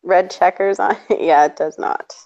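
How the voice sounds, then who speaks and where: A woman's voice: fairly low pitch, steady tone, normal speed, darkish tone. A woman co-hosting a stream, joking and teasing in casual chat. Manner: jokey, teasing, laughs often. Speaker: co-host of a stream. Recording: lo-fi stream audio.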